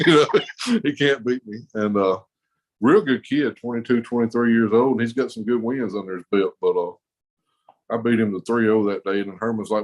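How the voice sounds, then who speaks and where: A man's voice: mid-range voice, brisk, a little mellow, rough recording. A man with a drawl spins a casual story as a podcast guest. His talk is rambling and profane, full of laughter.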